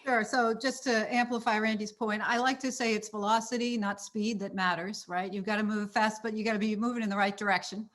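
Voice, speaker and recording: A woman's voice: medium pitch, fairly even intonation, a little fast, hardly any pauses, fairly bright tone. A woman, a panel guest, giving earnest closing remarks in a discussion and often checking in with "right?". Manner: earnest, emphatic, frequent "right?" tags.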